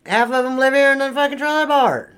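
A man's voice: very high voice, a little fast, fairly bright tone. An actor playing a crude, boastful trailer park man who rambles and swears constantly in an improvised comedy sketch. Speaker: comedy character.

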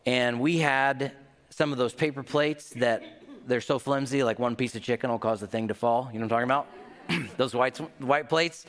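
A man preaching a sermon, telling a childhood story with acted-out voices and a lively delivery. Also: mid-range voice. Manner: animated storytelling with acted-out quotes. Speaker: pastor. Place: large hall. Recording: reverberant hall.

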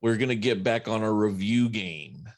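A man with a low voice running a casual podcast and moving the talk along. He slips in self-deprecating jokes as he goes. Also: normal speed. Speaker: podcast host.

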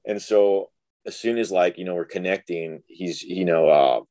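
A young man from Texas with a deep, low voice tells a story in a loose, casual way, packing his sentences with fillers. He acts out the people he quotes as he goes. The sound is dry and close. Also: moderate pace, no echo. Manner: animated, filler-heavy, acts out quoted dialogue. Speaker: guest.

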